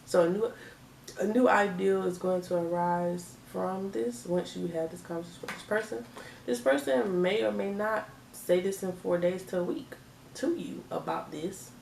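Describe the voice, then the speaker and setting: Gravelly woman reading tarot. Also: on the low side, normal speed, darkish tone, a little hiss or hum. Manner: chatty, emphatic, repeats phrases, laughs often. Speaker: tarot reader. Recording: echoey room, distant mic.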